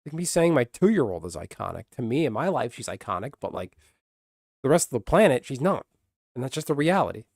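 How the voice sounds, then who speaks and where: A man's voice: medium pitch, sing-song, brisk, gravelly, darkish tone, no room sound. Blunt, profane streamer man, dry close sound. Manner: blunt, profane, rambling with many restarts. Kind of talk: casual livestream rant.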